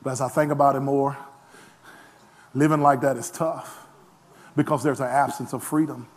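A man preaching a lively sermon as pastor, self-deprecating, with frequent call-and-response asides. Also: mid-range voice, normal speed.

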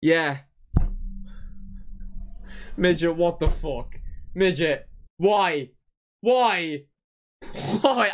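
A young man streaming a football game live, talking to his chat with theatrical, repetitive despair and swearing. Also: a little high. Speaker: gaming streamer.

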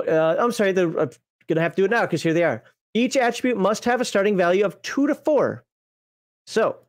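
A game master walking through tabletop game rules on a livestream, talking casually with frequent restarts, self-corrections and joking asides. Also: mid-range voice. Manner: rambling, self-correcting, conversational; folksy, jokey asides.

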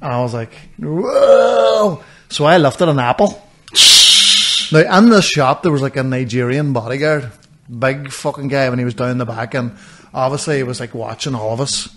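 A young man co-hosting a casual podcast, telling a rambling tale peppered with swearing. His voice sits at an ordinary middle pitch. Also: fairly quick, a little hiss or hum. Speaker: podcast co-host. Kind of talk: casual storytelling chat.

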